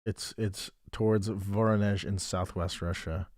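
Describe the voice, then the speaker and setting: A man's voice: on the low side, steady tone, a little slow, darkish tone, no echo, clean studio sound. A man streaming a geography game, thinking aloud in a chatty way and thanking viewers as he plays. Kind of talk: casual live-stream game commentary.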